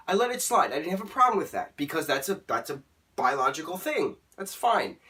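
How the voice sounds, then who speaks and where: A young man in his vlog, his voice leaping up and down as he rants with animated exasperation. He sits a little far from the microphone, so he sounds slightly distant. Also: fairly high pitch, fairly quick. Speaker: movie reviewer. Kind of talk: ranting vlog review.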